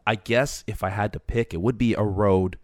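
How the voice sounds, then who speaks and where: A man hosting a podcast, talking softly because he is losing his voice, in a casual, rambling chat. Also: on the low side, steady tone, normal speed, no room sound, studio quality. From Canada. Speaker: podcast host.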